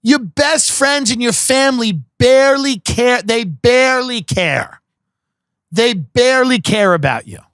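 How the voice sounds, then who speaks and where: A man's voice: extremely high pitch, lively intonation, unhurried, a bit bright, no echo, clean studio sound. A man hosting a podcast, delivering a profane, sarcastic comedic rant that mocks the people he describes. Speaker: podcast host.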